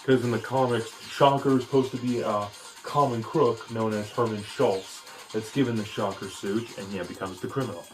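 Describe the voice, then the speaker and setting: A man's voice: on the low side, fairly even intonation, moderate pace, soft background music. A man giving a casual, opinionated critique of a cartoon, rambling with frequent restarts. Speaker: video commentator.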